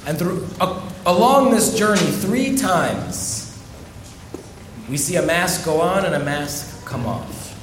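A rabbi with a somewhat higher-pitched voice delivers a storytelling sermon, leaning on dramatic pauses. His voice carries with a roomy echo, and a faint ambient hum sits in the background. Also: sing-song.

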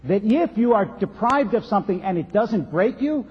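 A man giving a sermon as a rabbi, telling stories in a measured way with rhetorical questions, recorded on dull lo-fi sound in a reverberant synagogue. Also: sits high, expressive, breathy edge. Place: synagogue sanctuary.

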